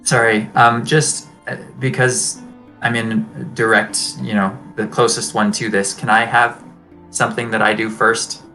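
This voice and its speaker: Hesitant man with a bright voice. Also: mid-range voice, flat delivery, unhurried, soft background music. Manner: hesitant, polite. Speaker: player. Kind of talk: casual game chat.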